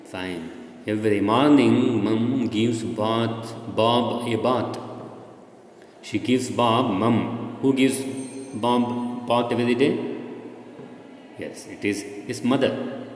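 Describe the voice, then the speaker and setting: Patient teacher, echoey room. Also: male voice, mid-range voice, slow pace, pauses often. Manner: patient and repetitive, often checks if the children follow and spells words out. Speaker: schoolteacher. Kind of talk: recorded lesson for young children. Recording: echoey room, long reverb, faint noise.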